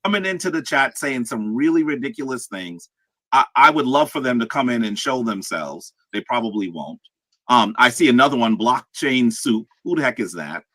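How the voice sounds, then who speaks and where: A man hosting a live-streamed discussion, measured and lecturing as he speaks to the chat. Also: medium pitch, lively intonation, a bit bright, no echo. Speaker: show host.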